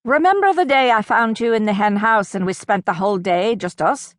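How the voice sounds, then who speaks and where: A woman voicing a gentle, kindly farmer uncle. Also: medium pitch, fairly quick, no echo, studio quality, close to an everyday voice. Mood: earnest.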